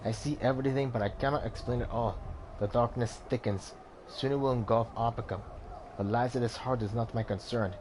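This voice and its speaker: A man's voice: mid-range voice, fairly even intonation, fairly quick, noisy background, natural voice. A man voicing a mystic male warrior-turned-merchant in a put-on Indian accent, solemn and riddling, reading game dialogue over music. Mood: cryptic.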